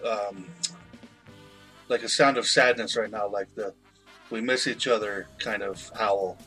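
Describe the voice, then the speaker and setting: A man's voice: fairly low pitch, steady tone, unhurried, pushed and bright, faint music behind, poor audio. A man in his forties, co-hosting a podcast, telling rambling, profane stories in casual banter. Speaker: podcast co-host.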